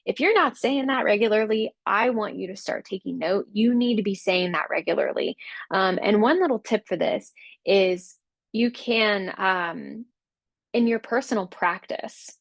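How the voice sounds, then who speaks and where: A woman's voice: mid-range voice, gravelly, no echo. Upbeat woman coaching fitness instructors. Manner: upbeat, encouraging, acts out client quotes. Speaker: Pilates business coach. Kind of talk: casual instructional talk.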